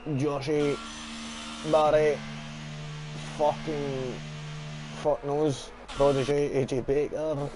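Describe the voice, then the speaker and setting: A man's voice: medium pitch, noisy background. A young Scottish man giving casual, swearing live commentary on a sim racing league stream and chatting with viewers. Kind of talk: live esports race commentary.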